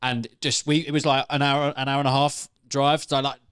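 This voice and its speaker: A young man co-hosting a comedy debate podcast, rambling through his anecdotes with swearing and frequent laughs. His voice sits at a middle pitch. The recording is dry and close. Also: little pitch movement, normal speed, a bit bright, clean tone, dry recording. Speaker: co-host.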